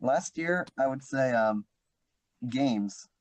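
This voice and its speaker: A man's voice: medium pitch, lively intonation, slow pace. A teenage boy hosting a casual podcast chat with friends, talking easily and laughing often. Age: teens. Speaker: podcast host.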